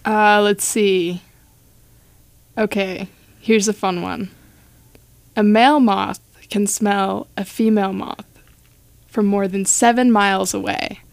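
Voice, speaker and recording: Woman, radio co-host, casual chat, playful and wry, mid-pitched voice, dry close recording. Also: steady tone, takes it slowly, gravelly, pauses often, dry recording.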